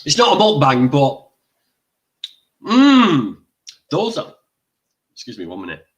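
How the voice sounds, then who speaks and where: A man's voice: medium pitch, wildly swooping pitch, moderate pace, fairly bright tone. An older man hosting a casual livestream, chatty and exclaiming, eating while he talks. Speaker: livestream host.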